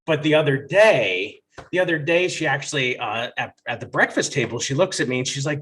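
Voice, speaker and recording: A man's voice: medium pitch, fairly quick, breathy edge. A man in his thirties performing a stand-up comedy set, animatedly telling stories and acting out his family's lines. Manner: animated storytelling, acts out family dialogue.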